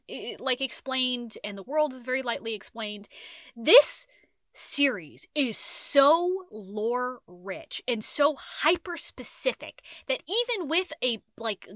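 Animated, bright-voiced woman podcaster. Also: sits high, no echo. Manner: rambling, animated, swearing, with self-corrections and laughs. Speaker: podcast co-host. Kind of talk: casual book podcast chat.

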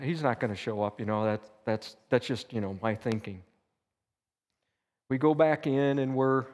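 An older man tells a personal story to a church group. He talks conversationally and acts out his own thoughts aloud. His medium-pitched voice rings with the long reverb of a church hall. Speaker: church teacher.

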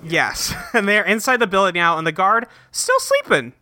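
A man's voice: sits high, animated, moderate pace, sharp tone, dry recording. A man recapping a cartoon episode in casual, profane, joking podcast chat, rambling with fillers, on a close mic. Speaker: podcast co-host.

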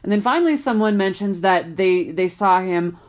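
A woman in casual podcast chat, telling a story with lively acted-out quotes. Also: mid-range voice, moderate pace. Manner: animated storyteller, acts out quoted voices.

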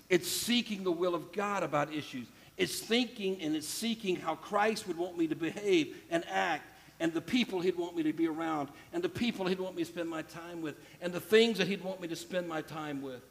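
A man's voice: fairly high pitch, normal speed, gravelly. A man preaching a sermon to a congregation, emphatic and repeating key phrases, speaking to the listeners directly. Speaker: pastor. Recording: long hall reverb.

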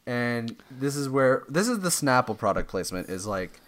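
A man's voice: medium pitch, very animated, moderate pace, a bit bright. A young man co-hosting a podcast, recapping a movie in a laid-back, rambling way. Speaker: podcast co-host. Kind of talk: casual movie recap chat.

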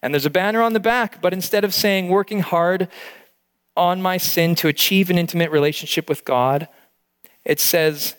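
A man's voice: on the high side, moderate pace, fairly bright tone, clear, resonant tone, long reverb tail. A male pastor preaching an earnest, heartfelt sermon, with frequent restarts.

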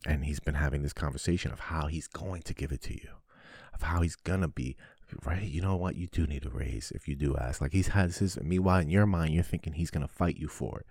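Blunt, very deep-voiced man. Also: a little fast, creaky, breathy edge, dry recording, studio quality. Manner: blunt, profane, animated storytelling. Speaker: podcast host. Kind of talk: casual monologue.

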